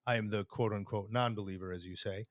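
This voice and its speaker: A man's voice: on the low side, steady tone, fast talker, no echo, clean studio sound. A man co-hosting a podcast, reasoning through a point in casual chat and often restarting his sentences. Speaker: podcast co-host.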